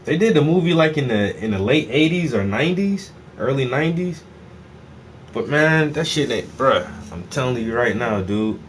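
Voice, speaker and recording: A man from South Carolina, talking casually in an excitable, profane monologue full of slang. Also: medium pitch, moderate pace, a little hiss or hum. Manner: profane, excitable, peppered with "yo" and "bruh". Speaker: host.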